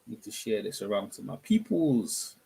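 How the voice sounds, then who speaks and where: A man's voice: fairly low pitch, very animated, normal speed, creaky, dark tone, breathy edge. A man hosting a casual boxing live stream, rambling and chatting with his viewers. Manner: rambling, chatty, talks to viewers, self-corrections.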